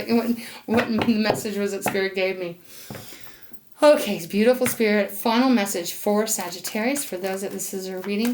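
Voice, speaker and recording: A woman's voice: mid-range voice, slight background noise. A woman giving a casual tarot reading to camera, chatty and enthusiastic, talking aloud to spirit, laughing often and coughing now and then. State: occasional coughing. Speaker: tarot reader.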